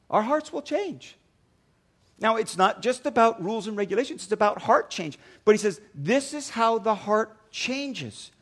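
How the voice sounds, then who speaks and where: Male pastor, high-pitched, dynamic sermon delivery with loud acted-out exchanges. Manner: dynamic preaching, acts out dialogues with rising volume.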